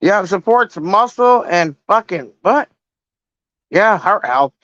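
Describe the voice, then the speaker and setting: Profane, animated middle-aged woman caller. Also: medium pitch, takes it slowly, no room sound, highs cut off. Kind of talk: casual chat.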